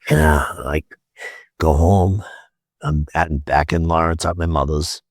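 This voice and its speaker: A man with a low voice recounts a story in loose, casual talk, tripping over his words and restarting often. He acts out what each person said and swears freely. The sound is dry and close. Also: fairly even intonation, a little slow, no room sound. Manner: rambling, stammers and repeats, acts out quoted dialogue with frequent swearing. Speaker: podcast guest.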